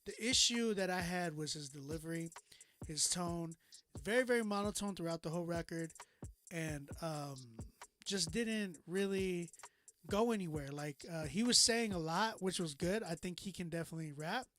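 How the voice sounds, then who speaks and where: A man's voice: on the high side, normal speed, a bit bright, slight background noise. A man hosting a live music review stream, talking in a loose, emphatic casual way and often asking "you know what I'm saying". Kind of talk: casual live critique chat.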